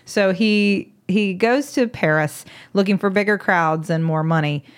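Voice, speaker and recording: A woman's voice: medium pitch, measured pace, clean tone. Brief: woman podcast host, casual storyteller, giggles often, chatty and amused.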